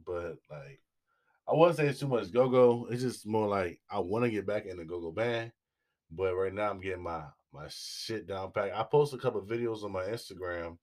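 A man co-hosting a casual podcast, loud and laughing, swearing freely. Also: lowish voice, normal speed. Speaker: podcast co-host. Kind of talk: casual chat.

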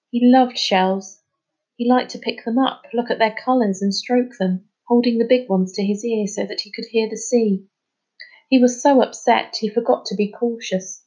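Casting: woman storybook reader, mid-pitched, expressive and steady. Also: breathy edge, lo-fi sound. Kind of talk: reading a children's novel aloud.

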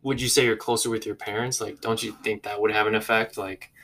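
A man's voice: fairly low pitch, level tone, fast talker, vocal fry, fairly bright tone. A man in casual conversation, thoughtful and questioning, with many filler words. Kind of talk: casual chat.

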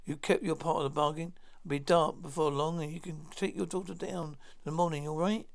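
A man reading the lines of a cruel male villain commander in a flat, gravelly voice. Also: a little high, a little fast. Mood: menacing.

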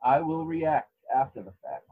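A man gives casual play-by-play of a fight on a home podcast, his voice slightly husky. He is relaxed and chatty, often restarting his sentences. The recording sounds dull and lo-fi. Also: on the high side, normal speed. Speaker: podcast co-host commentating a fight. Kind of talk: casual live fight commentary. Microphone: home microphone.

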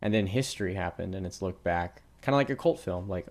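A man's voice: sits low, fairly quick. A young man co-hosting a podcast, rambling casually with lots of "like" and asking curious questions. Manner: rambling, filler-heavy, asks many questions. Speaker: podcast co-host. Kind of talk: casual chat.

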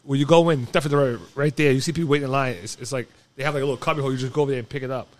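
A man's voice: medium pitch, fairly even intonation, racing. A man chatting casually with friends, rambling through a story with many restarts. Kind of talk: casual chat.

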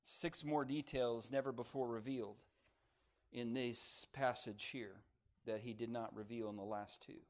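A man preaching a sermon, climbing loud on key phrases and dropping soft for emphasis, slowing down to stress words. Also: medium pitch, fairly even intonation. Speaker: pastor.

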